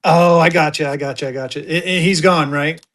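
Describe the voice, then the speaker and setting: A man's voice: fairly high pitch, steady tone, fairly quick, fairly bright tone. A man hosting a casual live-stream auction from a room at home, rambling and joking as he sells and repeats himself.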